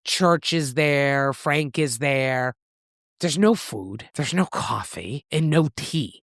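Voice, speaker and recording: A woman co-hosting a casual podcast, recapping a novel with lively storytelling and freely swearing. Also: very deep voice, takes it slowly, no room sound, clean studio sound. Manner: animated storytelling, acts out characters' lines in shifting voices, swears freely. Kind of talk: casual book recap chat.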